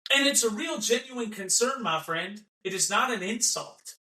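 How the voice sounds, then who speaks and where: A man's voice: high voice, animated, moderate pace, bright, forceful tone, a little hiss or hum. A man hosting a podcast in an impassioned, mocking monologue, repeating himself and acting out the voices of people he quotes. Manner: ranting, repetitive, mocking, acts out quoted voices. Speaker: podcast host. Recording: echoey room, voice from a distance.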